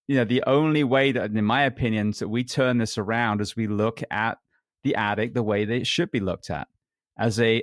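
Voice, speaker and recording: Dry close mic, middle-pitched guy, blunt and opinionated podcast host. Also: no room sound. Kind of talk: conversational interview talk.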